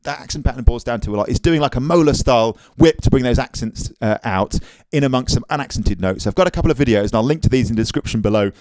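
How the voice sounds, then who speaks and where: A man giving a casual, upbeat drum lesson on video, chatting easily and counting rhythms out loud. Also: mid-range voice, lively intonation, quick pace, no room sound. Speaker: drum teacher. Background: drum kit playing.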